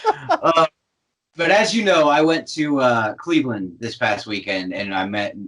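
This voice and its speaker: American dude cohosting a podcast, rambly and sweary, mid voice. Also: male voice, mid-range voice, sing-song, a little slow, fairly bright tone, poor audio. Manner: rambling, sweary, laughs easily. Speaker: podcast co-host. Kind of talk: casual chat.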